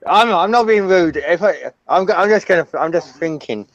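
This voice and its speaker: A man's voice: high-pitched, moderate pace, no room sound, muffled recording. A man joking and stammering in a casual group chat, often laughing. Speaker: panel guest. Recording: faint background noise.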